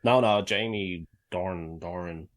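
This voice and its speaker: A man's voice: low-pitched, slow. A man co-hosting a podcast in a loose, rambling way, swearing freely and laughing often. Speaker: podcast co-host. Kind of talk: casual chat.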